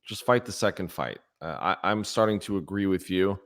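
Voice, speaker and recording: Blunt low-voiced male co-host. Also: brisk. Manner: blunt, opinionated, repeats himself. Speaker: boxing podcast co-host. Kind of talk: casual sports chat.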